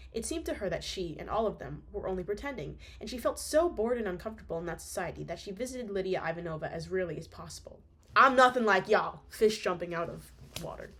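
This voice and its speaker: A young woman reading a classic novel aloud, breaking off for slangy, chatty asides. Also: mid-range voice. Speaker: audiobook reader.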